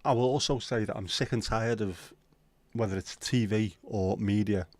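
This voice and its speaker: A man's voice: fairly low pitch, normal speed, darkish tone, no room sound. Blunt, sweary Scouse man chatting. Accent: Liverpool. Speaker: livestream host. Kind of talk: casual chat reading viewer comments.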